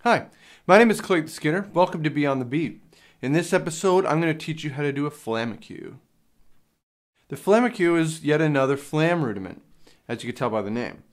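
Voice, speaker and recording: A man's voice: fairly high pitch, expressive, fairly quick. A young man teaching a drum lesson, explaining each step plainly, with some fillers along the way. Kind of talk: instructional lesson. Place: drum studio. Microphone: handheld field recorder.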